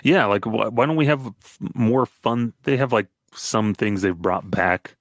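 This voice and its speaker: Loose-talking young man, low voice. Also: a little slow, no echo. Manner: loose, lots of "like" and restarts. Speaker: podcast co-host. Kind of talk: casual sports chat.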